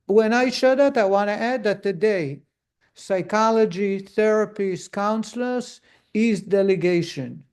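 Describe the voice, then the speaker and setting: High-voiced man teaching a lesson. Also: measured pace, a little mellow, clean tone. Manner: storytelling, asks the audience questions. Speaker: rabbi teaching a class. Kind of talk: conversational Torah lesson.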